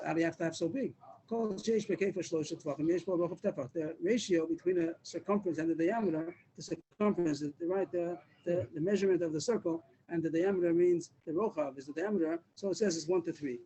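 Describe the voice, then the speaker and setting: A man's voice: a little high, quick pace, dark tone, slight background noise, rough recording. A man teaching a Talmud class over a video call, explaining step by step with repeated words and restarts. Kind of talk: Daf Yomi class.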